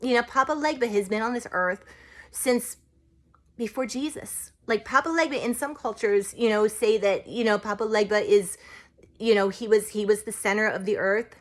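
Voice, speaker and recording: A woman's voice: mid-range voice, moderate pace. A woman talks straight to her viewers in a loose, wandering way, padding her sentences with "like" and "you know." Her words run on with feeling as she shares her spiritual practice. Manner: rambling, emotional, heavy use of "like" and "you know". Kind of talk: casual spiritual vlog talk.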